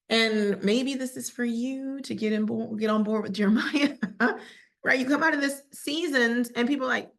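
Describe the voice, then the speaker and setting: A woman teaching scripture in a casual, lively way, acting out quoted voices and laughing often. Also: fairly high pitch. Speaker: Bible teacher.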